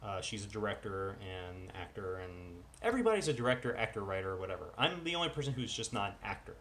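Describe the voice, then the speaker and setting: A man's voice: on the low side, sing-song, fast, fairly bright tone, a little hiss or hum. A man vlogging at home in casual chat, rambling and full of self-deprecating asides. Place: at home with dogs.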